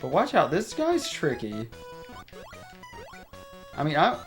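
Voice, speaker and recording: A young man hosts a game playthrough from his home room, speaking slowly in a fairly high voice with huge swings in pitch while faint music plays. His commentary is casual and full of tangents and frequent laughter.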